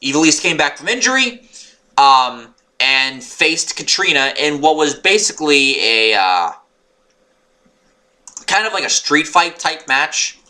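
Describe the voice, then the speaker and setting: A man rambling through a wrestling show review, excitable and swearing, sometimes yelling when annoyed. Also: fairly high pitch, a little slow. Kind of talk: unscripted recap monologue.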